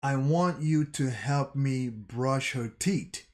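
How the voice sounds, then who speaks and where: A man voicing a blunt, stubborn young male soldier, reading his lines slowly and flatly. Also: medium pitch, close to an everyday voice. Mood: calm.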